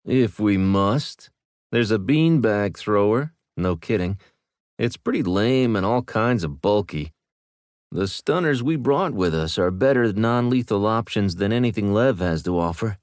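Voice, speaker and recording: A man doing a deadpan weapons specialist. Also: fairly low pitch, a little slow, no room sound. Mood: dry. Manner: dry, deadpan.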